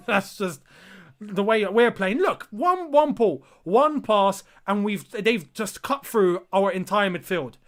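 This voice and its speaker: A young male host speaks slowly in a high, animated voice during a live football watchalong. Exasperated and disbelieving, he offers live match reaction and commentary, talking straight to the viewers as his lads.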